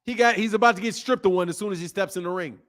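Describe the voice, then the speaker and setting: A man hosting a boxing live stream and ranting in a sarcastic, heated way, swinging from mock pleading to loud outbursts. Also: sits high, very fast. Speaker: boxing channel host. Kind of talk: live-stream commentary and rant.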